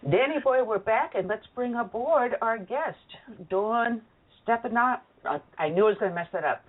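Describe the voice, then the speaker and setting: A woman hosting a radio talk show, chatty and quick to laugh at herself. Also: a little high, lively intonation. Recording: phone-like call-in audio.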